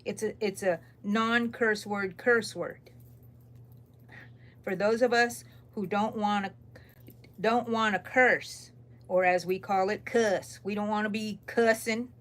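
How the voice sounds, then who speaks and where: A tired, yawning crochet channel host from Texas, with a Texan accent, rambles casually while reading viewer comments and crocheting on a live stream. Her voice is medium in pitch, steady, slow and a bit bright.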